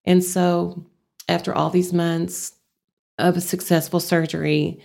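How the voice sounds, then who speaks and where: Older Texas woman, low gravelly voice, earnest interview guest. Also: little pitch movement, unhurried, darkish tone. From Amarillo, Texas. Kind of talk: casual interview.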